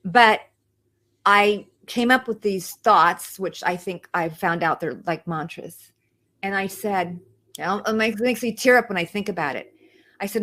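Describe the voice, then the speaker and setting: A woman's voice: mid-range voice, measured pace, sharp tone. A woman, a guest on an interview show, telling her personal story in an earnest way and repeating phrases for emphasis. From outside the United States. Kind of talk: emotional personal testimony.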